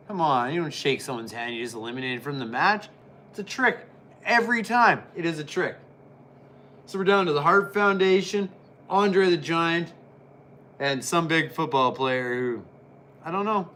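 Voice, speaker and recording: A man's voice: a little high, a little slow. A man giving casual, jokey play-by-play commentary while reviewing an old wrestling match. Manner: excitable, jokey, chatty.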